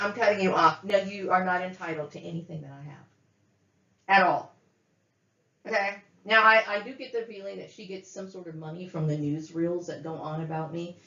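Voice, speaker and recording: In a fairly low but slightly bright voice, a woman vlogger delivers an angry, swearing monologue, going over the same points and tagging many lines with "okay?" Her room echoes, and the audio sounds dull and lo-fi.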